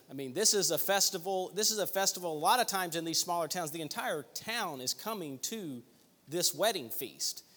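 A man's voice: on the high side, a bit bright, long reverb tail. A man leading a Bible study group, teaching conversationally and thinking aloud with small restarts.

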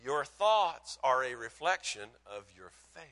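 A middle-aged man preaching a guest sermon with humorous personal stories, animated and self-deprecating, swinging from loud exclaiming to quiet asides. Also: medium pitch, unhurried, long reverb tail.

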